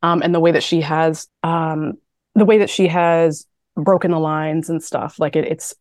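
A woman's voice: sits low, fairly even intonation, moderate pace, a little mellow, no room sound, studio quality. A woman co-hosting a poetry podcast, chatting casually and thinking aloud with many fillers. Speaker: podcast co-host. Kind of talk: casual chat about poetry.

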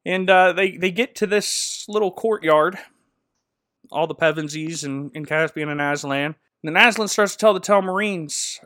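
A man's voice: on the high side, moderate pace, bright, forceful tone, no room sound, studio quality. A man giving a jokey, slangy recap of a movie plot, laughing often. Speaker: podcast host.

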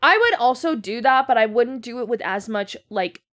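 A young woman in casual, excitable movie-reaction chat, swearing freely and using lots of fillers. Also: a little high, moderate pace.

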